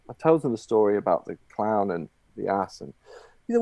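A man's voice: on the low side, very animated, a little fast, gravelly, mellow, no room sound. A man telling a long shaggy dog story in a casual, rambling way, full of fillers and restarts. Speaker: guest.

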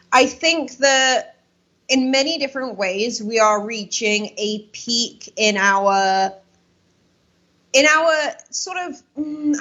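A woman's voice: fairly high pitch, sharp tone. Earnest woman guest on a muffled line. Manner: earnest, rambling with self-corrections. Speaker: guest commentator. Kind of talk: radio interview, opinionated talk.

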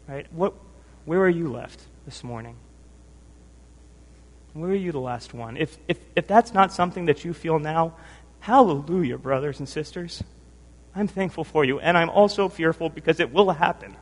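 A higher-pitched male preacher gives his sermon in a church hall where his voice trails a long reverb. Earnest and emotional, he seems slightly tired from little sleep, frequently restarts phrases and keeps asking "right?".

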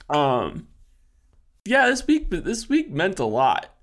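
A man co-hosting a podcast, crying as he speaks haltingly, full of fillers and teary laughs. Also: sits high, wildly swooping pitch. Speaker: podcast co-host. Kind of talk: emotional podcast farewell.

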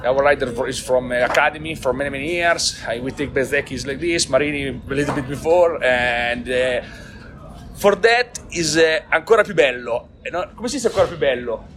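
An Italian man, a team manager, speaking in halting, broken English with many restarts and frequent laughs in a post-race interview. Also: medium pitch, fairly bright tone, a little hiss or hum.

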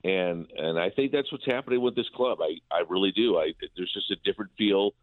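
A man with a low, deep voice calls in to a sports talk show over a thin, tinny phone line. He talks in an easygoing way and keeps tripping over repeated words before getting his point out. The line sounds close and dry. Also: brisk, no echo. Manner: repetitive, stumbling restarts. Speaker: baseball broadcaster.

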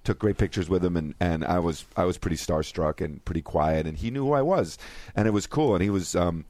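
Male podcast guest, lowish voice, excitable, loose and casual. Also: fairly quick, no echo. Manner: excitable, loose, peppered with "man" and "bro". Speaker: actor guest. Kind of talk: casual chat, telling anecdotes.

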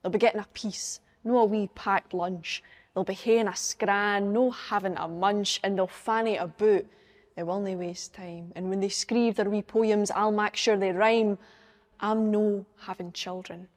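A woman's voice: mid-range voice, fairly even intonation, unhurried, long reverb tail. A young woman with a Scottish accent reciting a rhyming poem full of Scots words. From Scotland. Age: young adult. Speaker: poet. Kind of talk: poetry reading.

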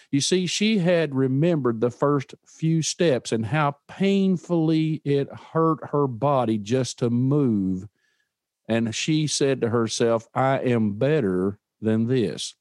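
A man's voice: mid-range voice, darkish tone, no echo, clean studio sound. A man giving an earnest, emphatic motivational talk and repeating his key words for effect. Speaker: motivational speaker.

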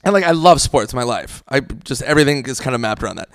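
A man's voice: mid-range voice, animated, quick pace, fairly bright tone, no echo, clean studio sound. A man telling stories in a casual podcast chat, swearing freely and rambling. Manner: profane, rambling storyteller.

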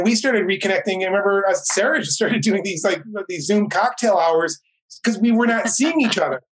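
A man's voice: high voice, husky, poor audio. A man, a guest who produces animation, chatting casually and telling stories on a video call, often restarting his sentences. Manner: rambling, restarts, enthusiastic storytelling.

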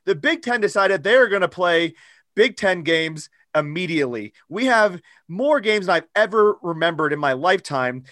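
A man's voice: sits high, lively intonation, moderate pace, fairly bright tone, dry recording. A man hosting a sports podcast in casual chat, brash and opinionated about his picks. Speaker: podcast host.

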